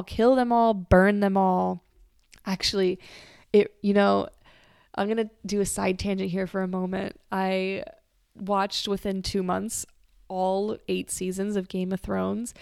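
A woman's voice: medium pitch, vocal fry, darkish tone, smooth, dry recording, studio quality. A woman podcast host telling a personal story in a candid, casual way, swearing freely and trailing off and restarting as she talks.

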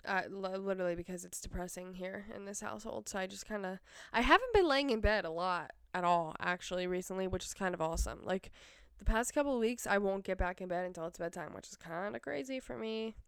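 A woman's voice: medium pitch, fast, smooth, no echo, studio quality. A young woman rambling casually in a vlog, chatty and full of fillers, laughing often. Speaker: vlogger.

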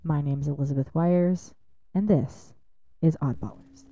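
A woman's voice: low-pitched, measured pace, mellow, dry recording, soft background music, rough recording. A woman hosting a podcast, reading a scripted intro and drawing out key words. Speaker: podcast host.

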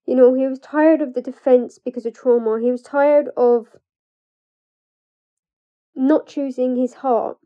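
A young woman with a high voice opens up in a confessional vlog, candid and emotional, pausing and laughing nervously between thoughts. The sound is dull and lo-fi, with the top end muffled. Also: steady tone. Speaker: trauma coach. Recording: dull lo-fi recording.

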